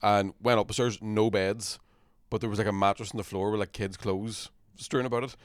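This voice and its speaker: Deadpan man, low voice. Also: a little fast, no room sound. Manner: dry, crude deadpan quips. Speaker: podcast co-host. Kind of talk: casual banter.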